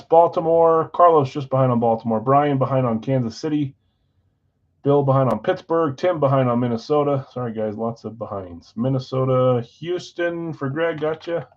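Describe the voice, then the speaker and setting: At a moderate pace, a mid-range-voiced man hosts a live card break stream, rattling off names and their teams in friendly, casual chat and mumbling side remarks. The recording's high frequencies are cut off.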